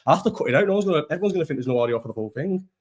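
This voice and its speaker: A man's voice: on the high side, lively intonation, rapid-fire, darkish tone, slightly rough. A young man with a Scouse accent hosting a casual live-stream chat, rambling, swearing freely and restarting his sentences.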